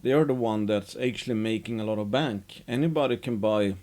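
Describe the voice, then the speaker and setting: A man giving casual, unhurried investing commentary as host of his own show, rambling a bit with restarts. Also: fairly low pitch, a little mellow.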